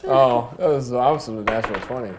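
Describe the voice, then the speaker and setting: Very low-voiced joking woman player. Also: crowd noise. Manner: joking, quick asides. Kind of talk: casual tabletop play.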